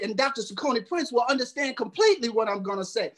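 A man's voice: extremely high pitch, expressive, quick pace, hardly any pauses. A man preaching a sermon in a folksy, humorous way, speaking straight to the congregation, hot and sweating. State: sweating from the heat.

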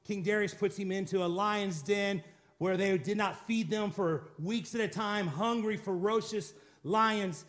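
High-voiced man preaching a sermon. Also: measured pace, a bit bright. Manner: emphatic preaching with repeated declarations and rhetorical questions; calls for congregation response. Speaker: pastor.

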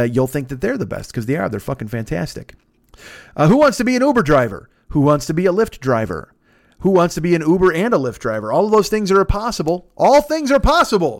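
A man in his forties with a fairly high voice, recorded dry and close at a desk microphone in his apartment. He rambles through casual podcast plugs, swearing freely, mocking himself and restarting his sentences. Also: no echo. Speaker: podcast host.

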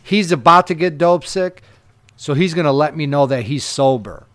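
A man casually telling a rambling, profane story on a podcast, getting louder and laughing as it goes. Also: a little high, normal speed, no room sound.

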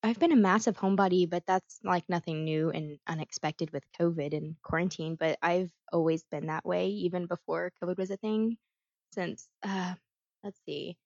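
A woman's voice: on the low side, steady tone, normal speed, a little mellow, dry recording. A woman co-hosting a podcast in casual chat, with a dry, wry, understated manner. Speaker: podcast co-host. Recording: dull, muffled audio.

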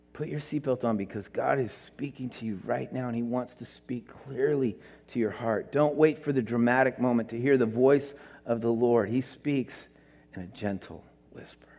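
A man preaching a sermon as pastor, swinging from loud exclamations to hushed, near-whispered lines. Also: medium pitch. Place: church hall. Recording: long hall reverb.

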